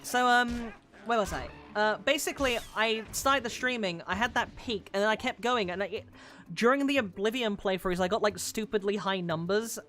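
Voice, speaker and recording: A young woman from London chatting casually while streaming a game, swearing freely and now and then breaking into loud yelling. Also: mid-range voice, moderate pace, faint music behind. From London, England. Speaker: VTuber streamer. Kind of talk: casual gaming stream chat.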